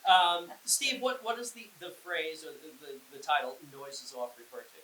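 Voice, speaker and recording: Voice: mid-range voice, very animated, normal speed, a bit bright. A radio show host chatting with theater guests in a joking, casual way. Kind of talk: casual interview. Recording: echoey room with faint hiss.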